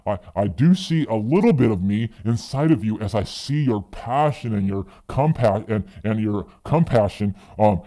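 A man voicing God as a gentle, fatherly figure, speaking slowly and tenderly in a sermon. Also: mid-range voice, pitched below the performer's own voice, lightly acted. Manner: slow, tender, pleading. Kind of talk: sermon with acted voice.

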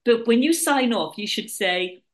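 A woman on a radio chat panel, playful and animated, bossing the others about in jest. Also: a little high, a little slow. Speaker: panel guest. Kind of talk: casual chat.

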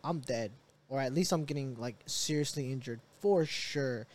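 A young man on a podcast telling stories in a loose, animated way and swearing freely. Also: mid-range voice, moderate pace, dry recording. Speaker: podcast co-host. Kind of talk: casual chat.

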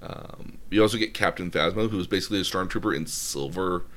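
A man's voice: low-pitched, a little fast, a bit bright. A man casually retelling a film plot, rambling with lots of fillers. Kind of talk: casual chat.

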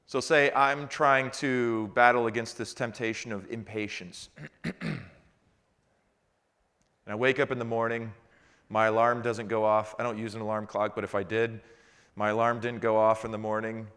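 A middle-aged man, a pastor, preaching a conversational sermon that swings between quiet reflection and animated storytelling. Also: fairly low pitch, normal speed, long pauses. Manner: conversational preaching, builds to animated frustration in anecdotes.

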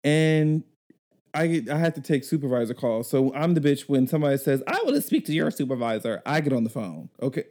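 Mellow-voiced man telling a story. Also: mid-range voice, fairly quick. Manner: animated, laughs often, acts out quoted callers. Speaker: podcast host. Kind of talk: casual chat, storytelling.

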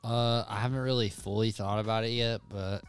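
A man's voice: fairly low pitch, fairly even intonation, fairly quick, clear, resonant tone, faint music behind. A young male basketball player answering interview questions casually, a bit hesitant, with lots of filler words.

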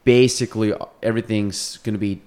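A man with a lowish voice co-hosting a casual podcast. He rambles, restarts and trails off mid-thought as he chats. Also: fairly even intonation, a little fast, a little mellow. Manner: rambling, self-interrupting, trailing off. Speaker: podcast co-host.

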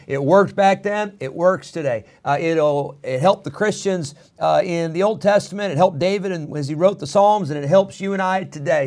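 A man's voice: a little high, darkish tone. Earnest man preaching a sermon. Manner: earnest, emphatic preaching with repetition. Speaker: pastor.

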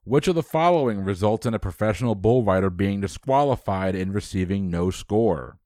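A man hosting a trivia quiz, reading questions briskly and dropping dry quips. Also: on the low side, lively intonation, mellow, no room sound.

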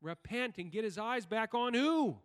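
A man's voice: high voice, expressive, moderate pace. A male pastor preaching a sermon in a church, often asking the congregation questions and waiting for their reply. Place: church sanctuary. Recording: long hall reverb in church.

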